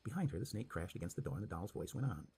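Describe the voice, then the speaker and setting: A man reading a spooky story aloud with dramatic, expressive narration. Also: low-pitched, racing, slightly rough.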